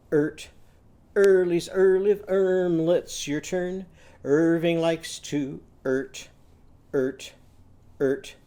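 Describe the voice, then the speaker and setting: A teacher leading a children's phonics lesson in an unhurried, sing-song way, stretching out every vowel. The voice is soft and mellow, never sharp. The delivery is a patient call-and-response chant. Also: mid-range voice, clear, resonant tone.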